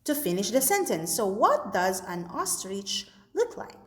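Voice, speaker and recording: Woman teacher, slow, sing-song delivery for young learners; recorded in an echoey room with a long tail. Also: medium pitch, big pitch swings. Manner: slow, sing-song teacher talk with many checks for understanding. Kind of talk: recorded online class lesson.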